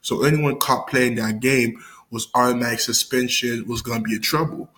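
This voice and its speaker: A young man tells his viewers a story from his childhood in a loose, casual vlog. His voice sits at a middle pitch, and his talk is full of slang, fillers and false starts. When he acts out a scene, his voice jumps sharply upward. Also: normal speed, low-quality recording. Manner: loose and rambling, slangy, with many fillers and restarts; animated, jumps high when acting out scenes. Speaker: YouTuber telling a story to viewers.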